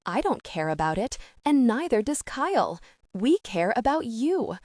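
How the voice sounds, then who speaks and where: A woman reading the part of a tender motherly woman with a soft Southern drawl, her voice sitting a little higher than the narration. The audiobook is recorded dry and close, with no room sound. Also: sing-song, measured pace, no echo. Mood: tender, reassuring.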